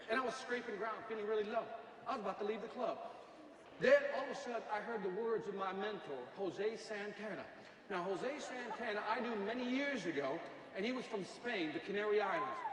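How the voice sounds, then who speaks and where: Animated male motivational speaker in a hall. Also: high voice, recorded from a distance. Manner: animated, shouting punchlines, mimicking people. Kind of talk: comic motivational keynote to a live audience. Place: large hall with live audience. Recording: echoey hall, from afar, crowd.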